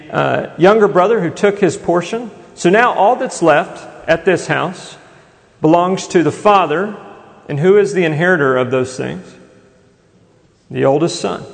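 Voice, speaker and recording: A man's voice: a little high, creaky. A male pastor preaching a sermon in a conversational way, often putting rhetorical questions to his congregation. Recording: long reverb in a large hall.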